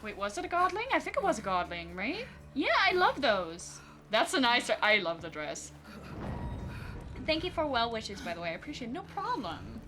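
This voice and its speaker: A woman streamer chats and reacts out loud while playing, her pitch swinging in lively arcs. Her voice sits a little high, with game music behind her. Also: moderate pace. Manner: chatty and animated, reacting out loud. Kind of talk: live gameplay commentary.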